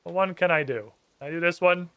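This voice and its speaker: A man's voice: a little high, fairly quick, a bit bright, smooth. A man streaming a game and chatting casually, swearing and making fun of himself as he plays. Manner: swearing, self-deprecating, chatty. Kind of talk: casual gameplay commentary.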